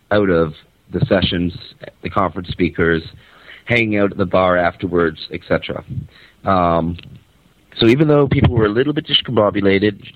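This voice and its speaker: A man on a radio show rambles through an animated story and swears casually. He is phoning in from a hotel conference center. The line sounds tinny and dry, and his voice sits fairly low. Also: no room sound. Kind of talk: casual phoned-in radio chat. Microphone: phone.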